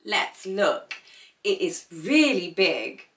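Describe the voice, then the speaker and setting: A woman teaching toddlers in a slow, clear voice, gasping with surprise, singing and imitating animal sounds. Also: medium pitch, big pitch swings, fairly bright tone, recorded from a distance. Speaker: children's teacher. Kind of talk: toddler learning video.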